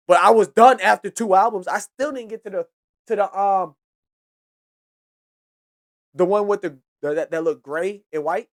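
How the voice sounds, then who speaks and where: A man hosting a hip-hop podcast who talks casually and profanely, gives heated opinions and often trails off and restarts his sentences. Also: high-pitched. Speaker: podcast host.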